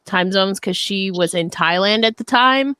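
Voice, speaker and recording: A woman's voice: medium pitch, measured pace, sharp tone, clear, resonant tone, dry recording. A young woman guest on a casual video-call interview, rambling with lots of fillers and restarts. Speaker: interview guest, podcast host.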